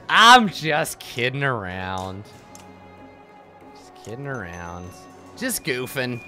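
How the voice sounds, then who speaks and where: A man commentating a let's play, reading the game's text aloud and reacting with profane, animated asides. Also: mid-range voice. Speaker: host.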